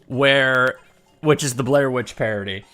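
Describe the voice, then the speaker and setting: A man chatting casually while playing a video game, animated, swearing casually and laughing often. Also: medium pitch, a little slow, clean tone, faint music behind. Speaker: gaming video co-host. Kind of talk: casual chat.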